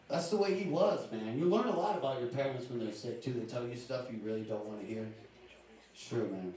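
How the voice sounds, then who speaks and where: Young male stand-up comic, casual punchy set; distant echoey club recording with steady crowd ambience. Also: mid-range voice, fairly quick, noisy background. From Louisiana. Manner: casual, confiding, punchy delivery. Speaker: stand-up comedian. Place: comedy club stage. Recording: echoey club room from far off.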